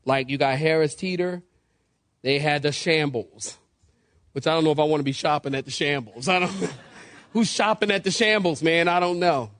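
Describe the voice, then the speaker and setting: A man's voice: fairly high pitch, moderate pace, no echo. A man preaching a sermon as pastor, joking and calling for responses from the congregation. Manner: animated, joking, acts out quoted people.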